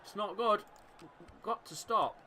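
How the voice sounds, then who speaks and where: A man hosting a live fan watchalong, commentating on the match and shouting encouragement at his team. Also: high-pitched, slow pace, a little hiss or hum. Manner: chatty, reacting and laughing at misses. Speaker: football fan watchalong host.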